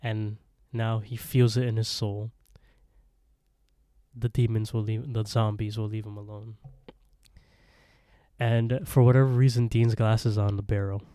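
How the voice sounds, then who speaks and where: A man with a low, mellow voice recaps a show episode for his podcast co-host, rambling along and slipping into the characters' lines. The sound is dry and close. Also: flat delivery, measured pace, pauses often, dry recording. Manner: rambling, laughing, acting out quotes. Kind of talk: casual recap chat.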